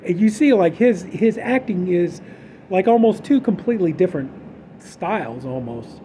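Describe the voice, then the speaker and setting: A man's voice: high voice, expressive, normal speed, warm tone, slight background noise, poor audio. A man casually retelling a film's plot on a podcast, rambling and filling gaps with "you know". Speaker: horror podcast co-host. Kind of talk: casual film recap.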